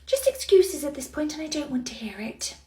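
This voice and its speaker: A woman playing a cold, officious nursery manager, scolding in a clipped, deliberate way. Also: very high-pitched, sing-song, recorded from a distance. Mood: stern. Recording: roomy echo, faint noise.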